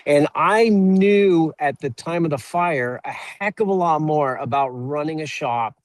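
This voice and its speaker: A man who owns an auto repair shop, speaking as a guest on a webinar and telling a story in a halting way, often repeating words as he starts a sentence. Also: a little high, no room sound, poor audio. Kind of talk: conversational storytelling.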